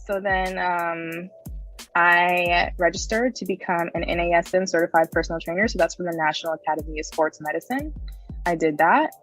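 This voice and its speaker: A lowish-voiced woman talks through her story as a podcast guest, loose and chatty, laughing as she goes and checking in with "right?" every few lines. A faint music bed sits under her voice. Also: moderate pace, fairly bright tone, rough recording. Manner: chatty, laughs often, frequent "right?" tags. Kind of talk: casual interview storytelling.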